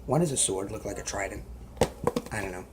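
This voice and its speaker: A man's voice: on the low side, a little fast, background noise. Giggly man reading books aloud. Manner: giggly, playful, jokes between lines. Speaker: vlogger. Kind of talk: casual reading-aloud vlog.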